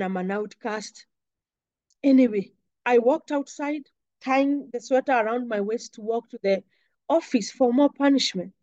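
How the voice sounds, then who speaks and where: A woman's voice: fairly high pitch, warm tone, no echo, highs cut off. A young woman earnestly recounting a painful personal memory in an interview. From Kenya. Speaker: interview guest. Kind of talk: personal storytelling.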